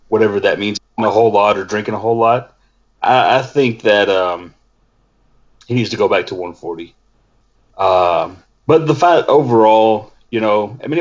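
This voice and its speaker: A man on a casual podcast panel, measured and hesitant with many fillers. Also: on the low side. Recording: muffled online call audio.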